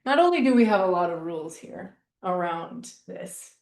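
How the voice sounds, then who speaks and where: A woman's voice: fairly low pitch, lively intonation, moderate pace, echoey room. A woman leading a class in a casual coaching style, speaking emphatically, repeating herself for effect and swearing casually. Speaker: class facilitator.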